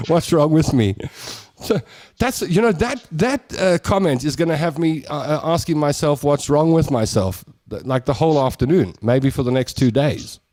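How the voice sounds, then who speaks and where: A man's voice: a little high, moderate pace, darkish tone, no room sound. A man hosting a radio show, chatting in studio banter and whining theatrically for laughs.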